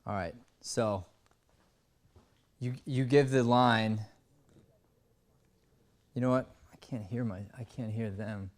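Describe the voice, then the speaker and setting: A man's voice: medium pitch, fairly even intonation, slow, pauses often, no echo. A man coaching an online acting class, in a loose, rambling, casual way over a video call. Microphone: webcam or phone on a video call.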